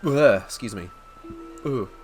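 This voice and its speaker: A man's voice: mid-range voice, expressive, slow, soft background music. A man streaming a game, joking crudely and casually in let's-play commentary.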